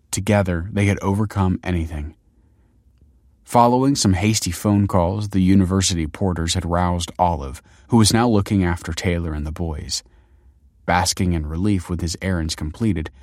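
A man narrating a novel in a measured, steady storytelling manner. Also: sits low, dry recording, clean studio sound. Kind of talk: scripted audiobook narration.

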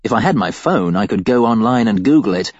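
Low, dry-voiced male audiobook narrator. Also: a little fast, no room sound, dull audio. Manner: wry, deadpan first-person delivery. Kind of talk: first-person audiobook narration.

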